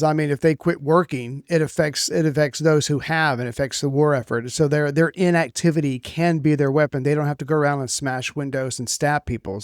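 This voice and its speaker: A man's voice: a little high, a little mellow, clear, resonant tone, no echo, studio quality. A man co-hosting a history podcast, making wry, jokey asides in casual banter. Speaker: podcast co-host.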